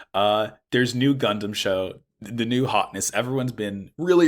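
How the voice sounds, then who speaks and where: A young man with a hoarse, worn-down voice hosts a casual podcast chat. He talks with eager, animated excitement at an ordinary middle pitch. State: hoarse, recovering from illness. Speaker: podcast host.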